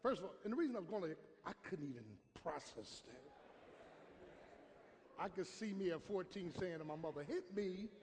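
A man's voice: sits high, animated, brisk. Middle-aged male preacher, storytelling sermon, faint room noise. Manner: preaching with storytelling and call-and-response. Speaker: pastor. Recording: long hall reverb, faint room noise.

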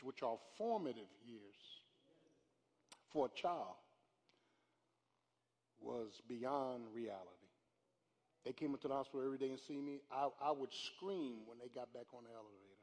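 A man's voice: medium pitch, normal speed, pauses often. Older preacher man in a reverberant church. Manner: preaching with swings from hushed storytelling to loud shouts. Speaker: pastor. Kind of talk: live sermon. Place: church sanctuary. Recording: live church hall with long reverb.

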